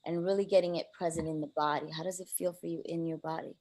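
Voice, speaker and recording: A woman's voice: deep voice, steady tone, fast, darkish tone, a little hiss or hum. A woman coach hosting an interview over a video call, affirming and enthusiastic.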